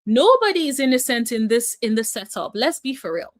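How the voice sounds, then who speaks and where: A woman's voice: a little high, sing-song, fairly quick. A woman giving casual commentary as a reality TV recap vlogger, chatty, emphatic and opinionated, calling her viewers y'all and honey.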